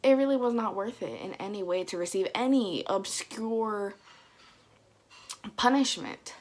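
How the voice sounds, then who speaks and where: A young woman with a Dominican family background, telling comic stories to camera in a casual vlog, mimicking her mother's scolding and getting loud at the punchlines. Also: medium pitch, expressive, measured pace. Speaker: vlogger. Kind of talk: casual comedic storytelling to camera.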